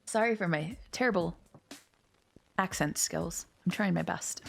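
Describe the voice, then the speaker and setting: A woman's voice: fairly low pitch, a little slow, vocal fry, soft background music. Giggly woman streamer. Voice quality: giggly, self-mocking. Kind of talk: casual game commentary.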